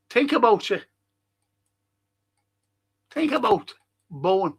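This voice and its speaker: A man's voice: high voice, animated, takes it slowly, creaky, long pauses, pushed and bright. A man hosting a live football watch-along stream, reading out chat messages and ranting bluntly with heavy swearing.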